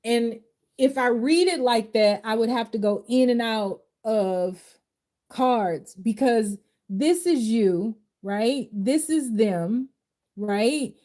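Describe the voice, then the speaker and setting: A woman's voice: on the high side, expressive, slow, mellow. A woman who is a tarot reader and life coach, giving a live tarot reading in casual, slangy, heartfelt talk.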